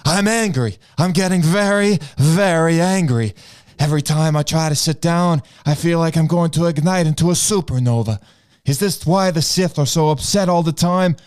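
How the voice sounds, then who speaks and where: A man's voice: mid-range voice, normal speed, few pauses, mellow, smooth, lightly acted. A man voicing a petulant young male Jedi apprentice who complains indignantly in a comedy sketch read aloud on a podcast. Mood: angry whining.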